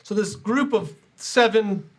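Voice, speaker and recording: A man's voice: high voice, slow. A man narrating a tabletop game as game master, describing scenes loosely with many fillers.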